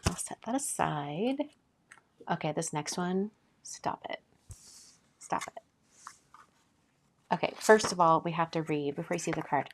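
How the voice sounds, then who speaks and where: A chatty woman with a lilt hosts a live stream in a fairly low voice. She gushes over what she is showing and keeps slipping into soft, breathy whispers between bright exclamations. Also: a little slow, pauses often, noisy background. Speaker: card-making channel host. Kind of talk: casual live-stream chat.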